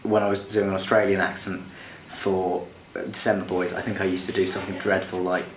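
A man's voice: sits low, level tone, fairly quick, slight background noise. A young man, a stage actor, chatting backstage in a wry, self-deprecating way with some hesitation. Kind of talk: casual backstage chat. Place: theatre dressing room. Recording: roomy, faint ambience.

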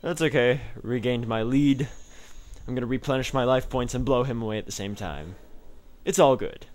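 A man's voice: medium pitch, fairly quick, a little mellow. A man giving let's play commentary on a card game, trash-talking his opponent with mock anger and frequent laughs.

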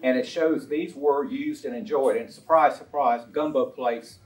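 This man lectures on a historical collection with illustrations, using a medium-pitched voice at a normal speed. He's conversational and full of anecdotes, often filling gaps with um and uh, captured with roomy sound by a distant mic.

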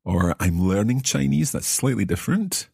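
Scottish man, deep voice, husky tone, hesitant, repeats himself, podcast lesson. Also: lively intonation, normal speed, darkish tone, no echo, clean studio sound. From Scotland. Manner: hesitant, repeats words while thinking. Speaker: language learner and co-host.

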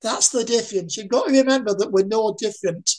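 A woman's voice: on the high side, fast, a little mellow, poor audio. A woman in an interview speaking frankly about her own life and asking the listener rhetorical questions. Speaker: interviewee sharing lived experience. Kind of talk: candid conversational talk.

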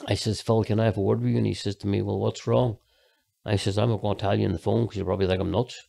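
A man tells his faith testimony as a podcast guest. His voice is gravelly and sits fairly low, with a crackle at the bottom. He talks earnestly and rambles, full of fillers and restarts. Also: level tone, fast talker, warm tone. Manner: earnest storytelling.

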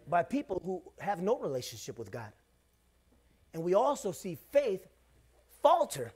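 Preaching in a conversational manner, this middle-aged pastor swings from booming bursts to hushed asides. His voice is high-pitched with a slightly rough edge.

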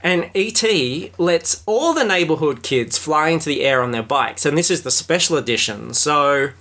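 A man hosting a podcast, reading a book aloud in a dry deadpan way with sarcastic comments in between. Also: fairly high pitch, moderate pace. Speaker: podcast host. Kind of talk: comedic book reading and chat.

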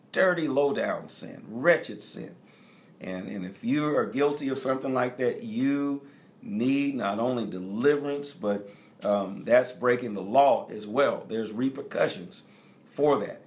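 A middle-aged man preaching as a bishop, speaking directly to his congregation and repeating key phrases for emphasis. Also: on the low side. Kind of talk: teaching sermon.

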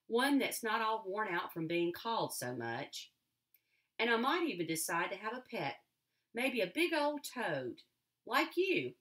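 A woman's voice: medium pitch, a bit bright. A woman voicing a restless, wistful young girl who longs for freedom, speaking in an earnest, pleading way.

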